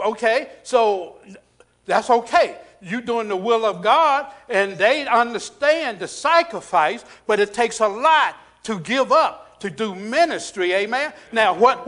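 Man preaching with call-and-response. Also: high-pitched. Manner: drops to a hushed intense voice in prayer. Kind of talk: sermon with altar call. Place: church sanctuary.

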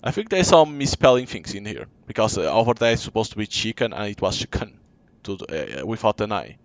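A man's voice: fairly low pitch, very animated, fairly quick, no echo, muffled recording. A man casually commenting live while playing a video game, swearing offhand. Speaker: gaming commentator.

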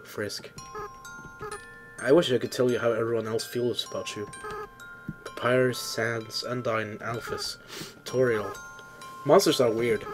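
A man's voice: mid-range voice, close to an everyday voice. Man reading as a tearful young goat-monster boy. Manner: soft, halting, stumbling over words. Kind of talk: reading game dialogue aloud.

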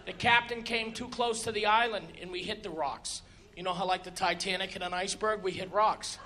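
A male stand-up comedian telling stories on stage with animated exasperation. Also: sits high, brisk. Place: comedy stage before an audience. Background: audience laughter.

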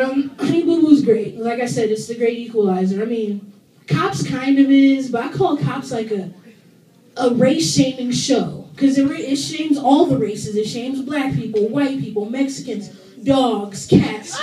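A woman's voice: sits high, moderate pace, mellow. A woman performing a stand-up comedy set in a comedy club, loose and profane, laughing through her jokes. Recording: roomy club recording from far off with crowd. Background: audience laughing.

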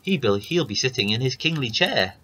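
A man's voice: mid-range voice, animated, brisk, pushed and bright, a little hiss or hum. A man reading an earnest young prince.

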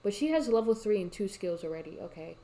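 A young woman talks through a life-sim game in casual commentary. She scolds and cheers the characters on screen, her voice at a middle pitch, and keeps sighing out exasperated exclamations. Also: lively intonation, fast, warm tone. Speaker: gaming YouTuber.

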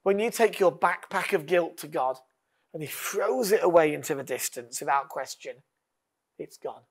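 A man preaching a sermon as pastor, earnest, leading call-and-response lines and dropping to a hush. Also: fairly high pitch, expressive, moderate pace, breathy edge.

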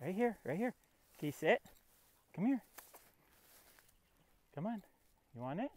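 A man speaks in a high-pitched, very animated voice, a little on the slow side. Outdoors in a field, he coaxes his puppy through training for a casual vlog, explaining each step and narrating between commands.

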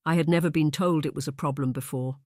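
Guy doing a young lady, earnest and a bit nervous, pitched up, audiobook read, dry room. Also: fairly even intonation, quick pace, darkish tone, no room sound, close to an everyday voice. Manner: raised, lighter pitch, earnest and questioning. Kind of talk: audiobook narration.

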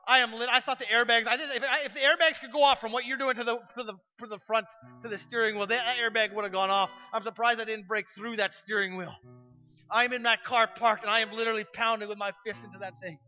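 Impassioned high-voiced male pastor preaching. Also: fairly even intonation, quick pace, lo-fi sound, faint music behind. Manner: passionate, swings from loud to hushed. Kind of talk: sermon. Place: church sanctuary.

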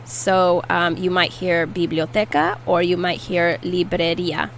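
A woman teaching a language lesson, repeating each word slowly and carefully. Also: on the low side, level tone, slight background noise, low-quality recording. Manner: slow, careful repetition of words. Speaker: Spanish teacher.

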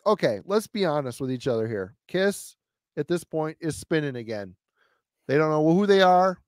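A man hosting a casual podcast chat, easygoing and laughing often as he gives measured opinions. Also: a little high, animated, dry recording, studio quality. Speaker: podcast host.

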